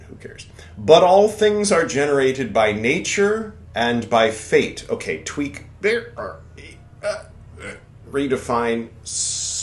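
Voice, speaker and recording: A man hosting a podcast, reading an old text aloud and breaking off into casual, irreverent, swearing asides. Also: on the low side. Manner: irreverent, swears, digressive, mock-dramatic quoting voices. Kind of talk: casual rambling reading commentary. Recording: echoey room with faint background noise.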